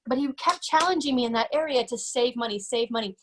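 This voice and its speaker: A middle-aged woman giving an energetic, emphatic motivational business talk on a webinar, repeating her key points. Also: a little high, quick pace, slight background noise. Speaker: guest speaker. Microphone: webinar microphone.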